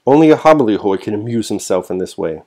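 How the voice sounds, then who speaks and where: Stern young prince-officer, sharp and cross; male narrator voicing him. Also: lowish voice, expressive, quick pace. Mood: indignant. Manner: sharp, angry.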